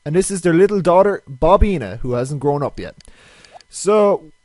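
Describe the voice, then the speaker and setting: This let's play host sounds congested and nasal from a cold, his voice a little high and animated at a moderate pace on a dry recording. He rambles through casual gameplay commentary, poking fun at himself and drifting from loud lines to muttered asides.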